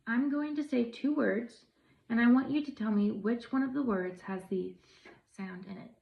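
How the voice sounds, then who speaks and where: A young woman, a pre-service teacher, leading a phonics lesson for young children, speaking slowly and encouragingly. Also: on the high side, vocal fry. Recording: echoey room, dull lo-fi sound.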